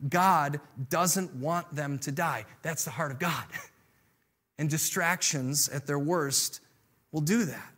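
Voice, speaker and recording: A man preaching a sermon to a congregation in a playful, animated way, drawing the audience in. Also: a little high, takes it slowly. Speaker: pastor.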